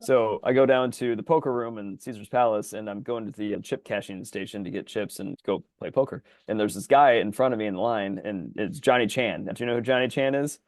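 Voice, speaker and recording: A man co-hosting a podcast in casual chat, rambling and animated, his voice jumping high when he gets excited. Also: a little fast, hardly any pauses, no echo. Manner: rambling, animated storyteller full of fillers. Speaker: podcast co-host.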